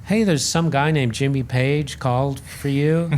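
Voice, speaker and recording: A man guest on a podcast, telling a story in a casual, animated and self-deprecating way, acting out the voices he quotes. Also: mid-range voice, measured pace, a little hiss or hum. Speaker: podcast guest, radio host.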